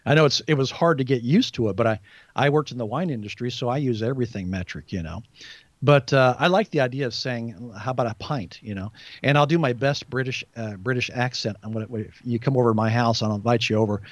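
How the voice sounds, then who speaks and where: A man's voice: medium pitch, fast, dry recording. An American man chatting casually as a podcast guest, often stumbling and repeating words as he restarts. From United States. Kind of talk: casual conversational chat.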